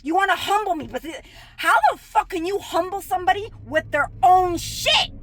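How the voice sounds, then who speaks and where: A woman with a high voice delivers a furious, swearing monologue. She sounds bitter and sarcastic, leaning hard on each point as she vents. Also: expressive, moderate pace, low-quality recording. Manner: profane, heated and emphatic. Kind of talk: angry venting monologue.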